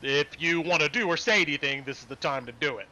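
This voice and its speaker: A man running a tabletop game as game master, narrating scenes in an animated, descriptive way. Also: a little high, fast.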